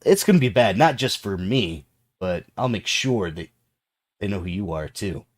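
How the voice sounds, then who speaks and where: A man's voice: on the low side, animated, a little fast, pushed and bright. Man putting on a suspicious shady woman. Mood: threatening. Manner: accusing, defensive.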